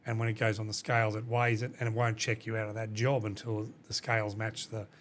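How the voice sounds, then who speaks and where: Low voiced guy rambling through an explanation, lots of restarts, faint hiss behind. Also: monotone, fast talker. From Australia. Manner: rambling, explanatory, many restarts and "you know". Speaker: company CEO, guest. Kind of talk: casual podcast interview.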